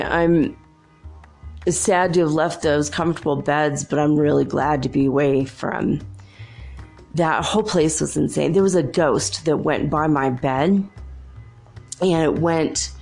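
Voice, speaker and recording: A woman's voice: deep voice, creaky, darkish tone. A woman hosting a podcast, chatting through a rambling, casual story and laughing often. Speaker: podcast host.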